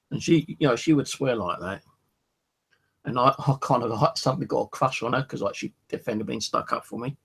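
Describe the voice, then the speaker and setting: A man's voice: mid-range voice, brisk, creaky, breathy edge. A middle-aged British man telling a personal story in a casual, rambling way, swearing freely and often saying "you know". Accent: British English.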